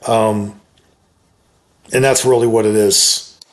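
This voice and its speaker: A man's voice: lowish voice, fairly even intonation. Man giving a casual film opinion. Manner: conversational and measured, with frequent hedges. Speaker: YouTuber reviewing a film.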